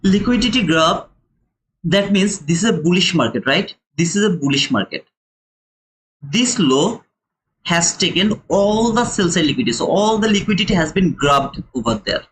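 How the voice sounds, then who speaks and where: A man's voice: high-pitched, expressive, moderate pace, fairly bright tone, low-quality recording. A young man with a non-native English accent giving live trading commentary, chatty and repetitive as he walks viewers through a chart and calls them brother. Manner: explains chart step by step, repeats key points. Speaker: day-trading streamer.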